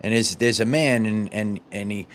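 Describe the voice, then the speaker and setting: A man's voice: lowish voice, normal speed. A man vlogging about wellness, telling a story in a casual monologue with many restarts and repeated words.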